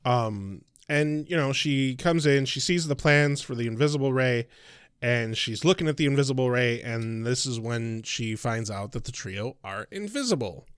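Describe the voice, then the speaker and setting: A man's voice: medium pitch, animated, normal speed, smooth, no echo, clean studio sound. Exasperated, swearing man on a podcast. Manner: profane, exasperated critic. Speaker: podcast co-host. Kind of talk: casual podcast review chat.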